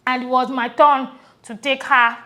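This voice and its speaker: A Nigerian woman co-hosting a podcast, telling a personal story in a reflective, earnest way that often trails off softly. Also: sits high, level tone, normal speed. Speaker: podcast co-host. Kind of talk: casual conversational storytelling.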